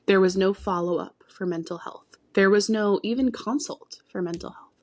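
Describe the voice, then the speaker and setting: A woman co-hosting a podcast as a therapist. She tells a personal story frankly and from the heart, with many asides, moving between emphatic bursts and hushed near-whispers. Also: medium pitch, normal speed. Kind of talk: candid podcast conversation.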